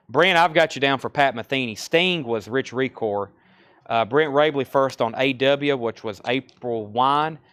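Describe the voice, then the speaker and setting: Man, Southern accent, from Tennessee, live sale host, brisk price calls, resonant clear voice. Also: mid-range voice, a bit bright. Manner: brisk auctioneer-like listing of prices and buyers. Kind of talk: live-stream sales patter.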